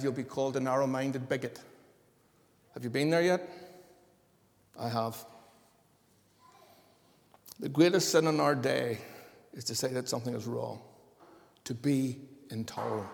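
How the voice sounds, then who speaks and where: A man's voice: medium pitch, gravelly, a little mellow, big-room sound. A man preaching a sermon as pastor, emphatic and building in force.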